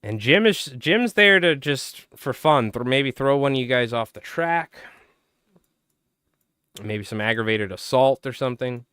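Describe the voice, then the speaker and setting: A man's voice: medium pitch, lively intonation, a little slow, fairly bright tone, smooth, no echo, clean studio sound. A man hosting a casual fly-tying livestream, rambling loosely and chatting with viewers while his voice is strained and tired. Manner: rambling, loose, talks to chat by name. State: strained, tired voice, clearing throat. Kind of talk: casual live-stream chat.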